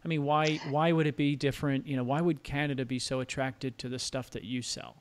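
A man's voice: medium pitch, fairly even intonation, brisk, clear, resonant tone. A man hosting a casual podcast interview, chatty and enthusiastic, with rambling asides. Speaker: podcast host.

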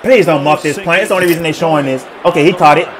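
A man giving an excited live reaction to football highlights, slangy and repetitive, swinging between nervous mutters and hyped yelling. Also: racing. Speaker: fan reacting to game highlights.

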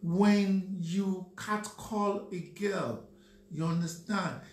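Nigerian male radio co-host, slow lecturing delivery, roomy echo. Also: high voice, steady tone, darkish tone. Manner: lecturing, keeps asking "you understand?". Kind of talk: radio talk commentary. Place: radio studio. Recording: echoey room with faint hum.

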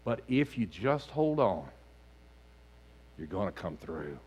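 A man preaching a sermon as lead pastor in a church sanctuary, animated, swinging between loud outbursts and hushed lines. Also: deep voice, slow, breathy edge.

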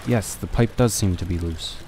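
A man's voice: low voice, normal speed, noisy background. A young man casually commenting on a horror game as he plays, swearing and talking to himself. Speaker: let's play gamer.

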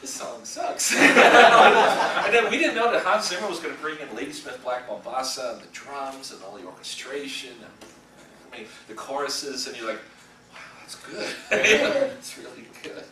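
Speaking at normal speed with a medium-pitched, very animated voice, the middle-aged storyboard artist rambles through anecdotes in his casual guest lecture. He laughs a lot and acts out quotes. It's recorded from a distance in an echoey school lecture room with faint hiss.

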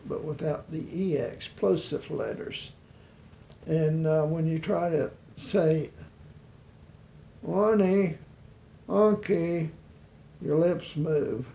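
Slow, gravelly man rambling on camera. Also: fairly high pitch, dark tone. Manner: rambling, self-deprecating, lots of fillers. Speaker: beginner ventriloquist. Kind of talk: casual home vlog.

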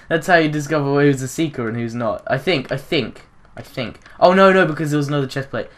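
Young man, gaming YouTuber, rambling excitable commentary with gasps and giggles. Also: a little high, normal speed, slight background noise. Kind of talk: casual gameplay commentary.

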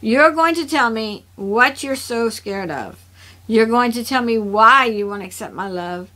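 A woman doing an honorable young man, steady and firm, giving measured commands. The voice stays bright and close to the reader's own, part of a read-aloud story. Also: a little high.

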